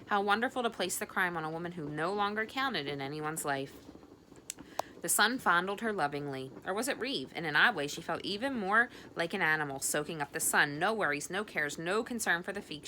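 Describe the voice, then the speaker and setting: Bright woman reading a book aloud, expressive, faint noise behind. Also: lowish voice. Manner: expressive, with small slips. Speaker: audiobook reader. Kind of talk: audiobook narration.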